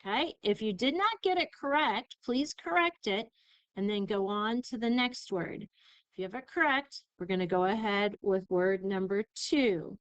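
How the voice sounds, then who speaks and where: A woman teacher giving a recorded spelling lesson, sounding out syllables slowly and carefully. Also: mid-range voice, no echo, muffled recording. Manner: slow, careful enunciation of syllables.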